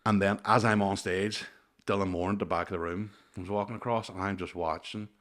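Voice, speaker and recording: A man hosting a comedy podcast, telling animated stories in casual chat and swearing freely. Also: deep voice, fairly quick.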